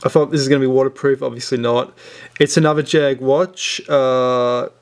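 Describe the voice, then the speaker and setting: A man's voice: medium pitch, fairly even intonation, moderate pace. Rambling man reviewing watches. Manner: rambling, many fillers and restarts. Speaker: watch reviewer, channel host. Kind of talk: casual product review vlog.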